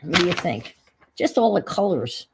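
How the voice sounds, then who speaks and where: A woman's voice: on the low side, big pitch swings, moderate pace, heavy background noise. A middle-aged woman with a New England accent, chatting casually on a livestream, reminiscing and reading viewer comments aloud. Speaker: livestream host.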